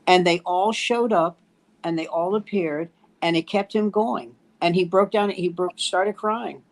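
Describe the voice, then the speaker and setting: An older man with a high voice hosts a loose talk among comedians. He spins anecdotes and acts out each quoted voice as he goes. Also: steady tone, a little slow. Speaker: host. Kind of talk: casual comedians' chat, telling anecdotes.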